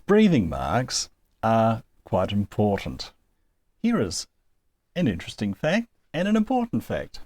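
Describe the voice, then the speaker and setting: A man's voice: mid-range voice, darkish tone, no echo. A man giving a recorded lesson on Greek pronunciation, explaining patiently step by step and laughing now and then. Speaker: Greek teacher.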